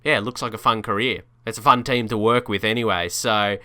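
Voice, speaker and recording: A man's voice: lowish voice, fairly even intonation, fairly quick, bright, forceful tone, no room sound, clean studio sound. A young man chatting casually over his football game, thinking aloud with restarts and small laughs. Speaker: gaming video creator. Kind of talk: casual let's-play commentary.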